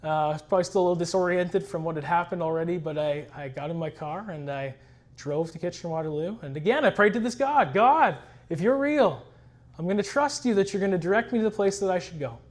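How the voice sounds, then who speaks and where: A man's voice: a little high, fast, a little mellow. A man sharing his personal testimony in an earnest, reflective storytelling way. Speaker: church member giving a testimony.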